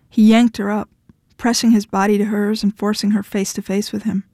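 A woman narrating fiction aloud in a measured, even way. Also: mid-range voice, no room sound, studio quality.

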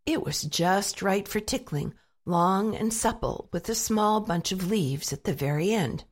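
A woman reading a children's chapter book aloud with an expressive storytelling manner. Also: measured pace. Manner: expressive read-aloud with lively pitch. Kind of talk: storybook narration.

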